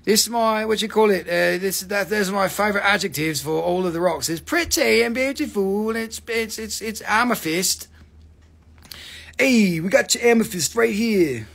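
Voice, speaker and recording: A man hosting a live stream that sells crystals, talking in an excitable, joking, profane and rambling sales patter. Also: sits high, normal speed, creaky.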